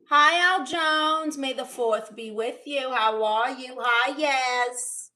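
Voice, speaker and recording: Woman streamer, bright voice pitched a bit high; jokey and expressive, casual chat from home. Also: takes it slowly, few pauses. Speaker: comedian streamer. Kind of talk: casual livestream chat, reading viewer comments.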